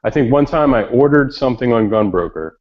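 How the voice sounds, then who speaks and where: A man telling a story in a casual chat, animated and swearing freely. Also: mid-range voice, brisk. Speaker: chat participant. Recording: lo-fi online voice chat.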